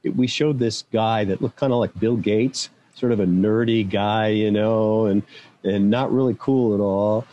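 A man's voice: fairly low pitch, fairly even intonation, a little slow, mellow, dull audio. An older man, a guest in an interview, telling rambling anecdotes and laughing at himself as he goes. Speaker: interview guest, former executive. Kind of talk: casual interview storytelling. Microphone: own microphone, remote.

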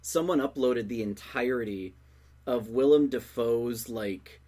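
A man's voice: mid-range voice, measured pace, darkish tone. A young man in casual chat, rambling through a story with many fillers and restarts.

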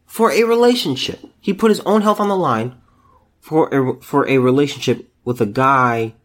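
Speaking at a normal pace with a medium-pitched voice, a man hosts a solo commentary podcast. He rants in disbelief, frequently starting his sentences over.

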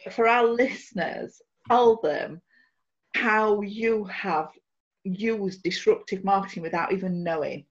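A woman's voice: mid-range voice, measured pace, highs cut off. A woman co-hosting a podcast, talking bluntly with a teasing edge. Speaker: podcast host. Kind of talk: casual chat.

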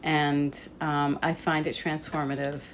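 Woman host, deep-ish voice, lots of ums, slight hiss. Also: flat delivery, unhurried. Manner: chatty, with frequent fillers. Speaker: host and English tutor. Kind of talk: casual chat.

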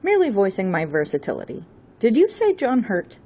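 A woman voicing a smooth-talking male theatrical agent on the phone, brisk, dry and wry. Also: mid-range voice, huge pitch swings, dark tone, voice pushed up.

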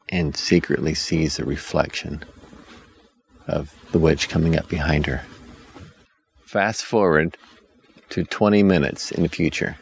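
A man's voice: a bass voice, slightly rough. A father improvising a bedtime story for his kids, rambling along unhurriedly with restarts.

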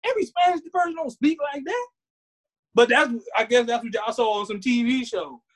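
A woman's voice: on the high side, a little fast. A woman co-hosting a podcast, chatting casually and acting out voices as she tells stories. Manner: animated storytelling, acts out other people's voices. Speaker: podcast co-host. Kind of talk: casual chat.

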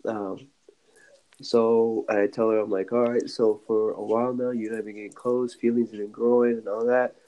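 A man's voice: on the low side, level tone, normal speed, warm tone, muffled recording. A young man co-hosting a podcast, telling a rambling story full of fillers and restarts. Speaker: podcast co-host. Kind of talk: casual podcast chat. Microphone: podcast mic.

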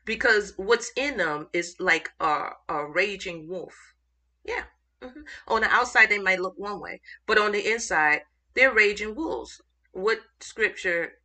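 A woman giving an informal Bible teaching, excited and halting as she searches for verses mid-thought. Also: mid-range voice.

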